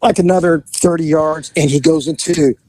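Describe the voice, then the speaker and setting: A man hosting a podcast, telling a police story in a casual, animated, profane way and acting out the dialogue. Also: on the high side, normal speed, no room sound. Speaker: podcast host and former police officer.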